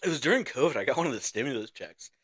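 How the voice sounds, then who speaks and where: A man's voice: mid-range voice, big pitch swings, rapid-fire, a bit bright, husky. A young man casually telling a rowdy story on a podcast, swearing constantly and laughing as he talks. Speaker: podcast co-host.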